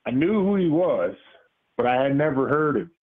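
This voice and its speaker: A man calling into a show, telling his take in an animated way and laughing through his lines over a phone line. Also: medium pitch, normal speed. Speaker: caller. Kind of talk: casual call-in chat. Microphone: phone call.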